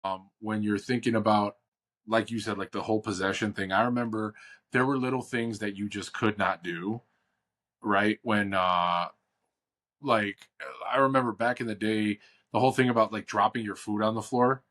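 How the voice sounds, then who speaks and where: A man from Chicago hosts a casual podcast chat, rambling easily with slangy asides. His voice sits on the low side. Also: steady tone, moderate pace, fairly bright tone. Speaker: podcast host.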